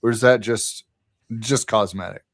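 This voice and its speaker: A man's voice: fairly low pitch, moderate pace. A man co-hosting a podcast, teasing his friend and asking about the game. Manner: teasing, lively questions. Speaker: podcast co-host. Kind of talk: casual chat.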